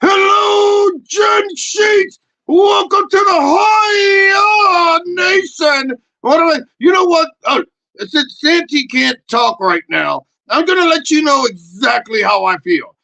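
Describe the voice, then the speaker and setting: A man voicing a brash, foul-mouthed male puppet who yells crude motivational rants. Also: very high-pitched, slow, vocal fry, pitched above the performer's own voice, exaggerated voice, low-quality recording. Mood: ranting. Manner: yelling, crude, hyped-up motivational rant.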